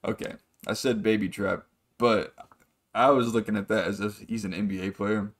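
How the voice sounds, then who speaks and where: A man's voice: on the low side, fairly even intonation, normal speed. A man hosting a podcast, rambling through a casual story, swearing freely and acting out the people in it. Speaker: podcast host.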